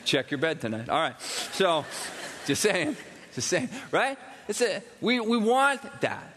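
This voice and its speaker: A man preaching a sermon as pastor, animated and acting out quoted voices, then interviewing a guest. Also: high voice, unhurried, big-room sound, a little hiss or hum.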